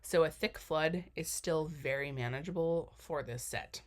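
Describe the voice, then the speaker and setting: A young woman with a low-pitched voice and a drawl talks through a cookie decorating tutorial in a relaxed voiceover. She rambles cheerfully, trails off into fillers and pokes fun at herself as she goes. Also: unhurried. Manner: chatty, rambling, self-deprecating, many fillers. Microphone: voiceover mic.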